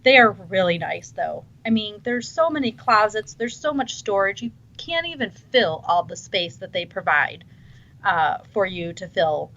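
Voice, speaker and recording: A woman's voice: medium pitch, sing-song, unhurried, fairly bright tone. A woman chatting casually on a podcast, enthusiastic and restarting her sentences often. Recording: dull lo-fi sound.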